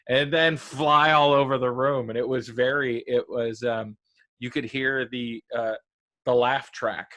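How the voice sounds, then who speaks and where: Rambling man in casual review chat. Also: mid-range voice. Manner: rambling, halting, many fillers, animated quoted voices. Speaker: podcast co-host reviewing a TV episode.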